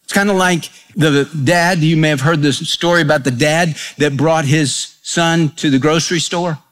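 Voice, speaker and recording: This pastor preaches in a folksy, storytelling manner, acting out the voices of people in his examples. His voice is a little high and fairly bright, with a steady tone and a moderate pace.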